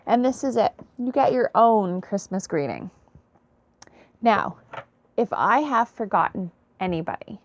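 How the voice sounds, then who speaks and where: A tired, yawning woman speaks in a slow, unhurried way at a middle pitch. She is soft-spoken and apologetic as she gives a late-night intuitive reading to her viewers. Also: dull audio. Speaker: intuitive reader.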